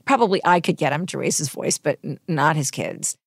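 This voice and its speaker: A middle-aged woman giving an interview, retelling a painful personal story in a halting, emotional way with many restarts. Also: low voice, gravelly, faint music behind. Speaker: interview guest.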